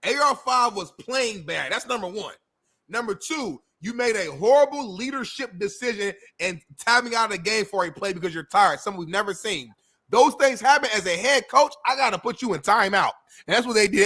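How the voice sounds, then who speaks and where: A man's voice: high-pitched, animated, fairly quick, bright, forceful tone. A man co-hosting a sports talk show, defending his opinions in a casual, profane way. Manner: defensive, casual, profane, calls people homie. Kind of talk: heated sports debate.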